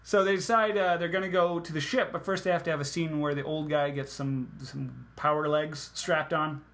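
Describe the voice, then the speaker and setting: A man co-hosting a casual movie review chat, sarcastic and quick to act out lines from the film in put-on voices. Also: on the high side, steady tone, fairly bright tone. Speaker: podcast co-host.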